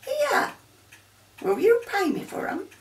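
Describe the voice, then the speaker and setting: A woman voicing an indignant young Cockney flower seller who shouts her complaint. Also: very high-pitched, very animated, takes it slowly, pitched above the performer's own voice, heavily acted. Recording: roomy, from a distance.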